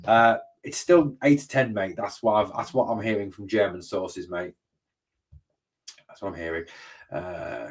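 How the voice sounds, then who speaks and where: Recorded on a distant mic, this fan-channel host speaks a little slowly with long pauses, his lowish voice steady and slightly rough. He reads viewer comments on his live stream and replies bluntly, swearing often and leaning on "mate" and "obviously."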